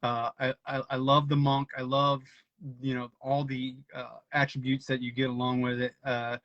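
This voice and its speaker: A man's voice: medium pitch, level tone, moderate pace, dry recording. A man hosting a casual podcast chat, eager and full of stammered restarts. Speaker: podcast host. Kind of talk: casual conversation. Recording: dry, dull lo-fi audio.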